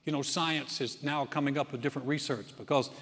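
A man's voice: medium pitch, steady tone, brisk, fairly bright tone. A man from North Carolina preaching a sermon in a folksy, conversational way. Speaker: pastor. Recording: long hall reverb.

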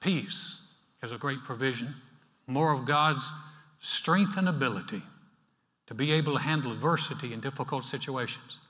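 A male pastor preaching a sermon in a church, talking in a conversational, animated way with playful asides. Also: medium pitch, normal speed. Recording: reverberant hall.

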